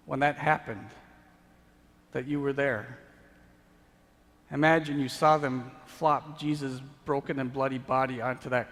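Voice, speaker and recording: A man preaching a sermon as pastor, slow and deliberate, rising to emphatic peaks and sinking to hushed tones. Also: fairly high pitch. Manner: slow, building to emphatic then dropping to hushed. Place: church sanctuary. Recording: long church reverb.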